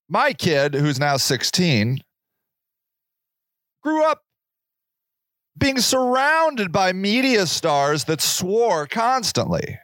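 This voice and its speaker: A man's voice: sits high, a bit bright, no echo, studio quality. A man in his forties hosting a solo podcast, rambling and joking in casual talk and swearing freely. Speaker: podcast host.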